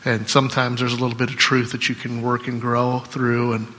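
A man's voice: mid-range voice, completely flat delivery, fairly quick, sharp tone. A man preaching a sermon to his church in a conversational way. He often checks in with the congregation and laughs between points. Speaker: pastor. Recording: long reverb of a church hall.

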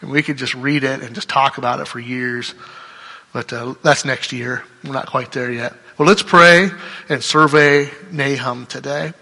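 A man's voice: mid-range voice, fairly even intonation, normal speed, gravelly, sharp tone. A man preaching a sermon as pastor, speaking conversationally and often checking in with "right?". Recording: long hall reverb.

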